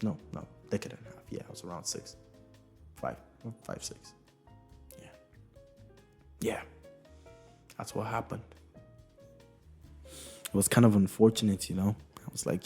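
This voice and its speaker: A young man in his early twenties telling a comedic story, animated, swearing freely and laughing through his lines. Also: fairly low pitch, measured pace, gravelly, long pauses, soft background music.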